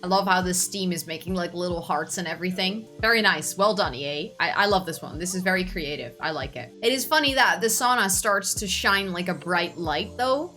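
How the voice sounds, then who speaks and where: A young woman giving casual commentary on a life-simulation game, gushing and excitable as she talks to her viewers. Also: fairly low pitch, brisk, hardly any pauses, soft background music. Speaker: gaming YouTuber.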